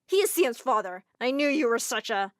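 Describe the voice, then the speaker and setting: A woman's voice: on the high side, big pitch swings, normal speed, no echo, studio quality. A woman voicing a furious, controlling young groom who talks angrily and accusingly. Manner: angry and accusing.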